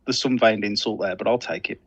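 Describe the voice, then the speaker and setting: A man's voice: on the low side, steady tone, a little fast, slightly rough. A man with a Brummie accent, co-hosting a live stream with wry, joking banter. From Birmingham, England. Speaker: co-host. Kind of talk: casual live-stream chat. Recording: dry, dull lo-fi sound.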